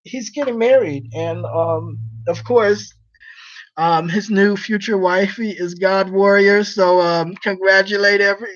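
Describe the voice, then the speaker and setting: A man's voice: high-pitched, unhurried, fairly bright tone, highs cut off. A man chatting casually on a livestream in a rambling, teasing way, laughing often.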